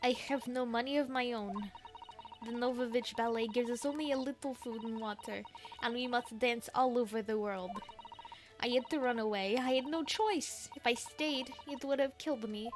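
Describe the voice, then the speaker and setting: A woman's voice: on the high side, moderate pace, soft background music, lightly acted. A woman voicing a frightened young runaway ballerina in a put-on Russian accent, reading game dialogue aloud. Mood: pleading.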